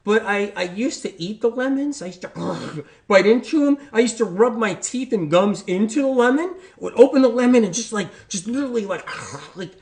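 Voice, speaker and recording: Middle-aged guy ranting on a health talk, kinda high voice, loud then quiet, keeps repeating himself and asking questions. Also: expressive, normal speed, few pauses, breathy edge, dry recording. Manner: swings between loud outbursts and low-key talk. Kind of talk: animated monologue.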